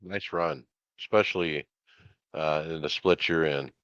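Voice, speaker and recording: A man's voice: very deep voice, measured pace, a bit bright, clear, resonant tone, no echo, highs cut off. A man hosting a casual podcast, running through race results and calling on his co-hosts. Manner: runs the segment, calls on co-hosts. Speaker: podcast host. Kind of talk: casual chat.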